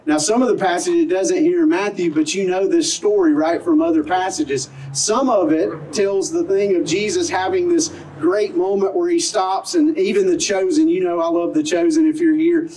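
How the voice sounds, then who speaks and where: A man's voice: high voice, fairly even intonation, normal speed, hardly any pauses, darkish tone, far from the mic, poor audio. A middle-aged man preaching an outdoor sermon as pastor, earnest and conversational, full of rhetorical questions. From American South. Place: outdoor service in a parking lot.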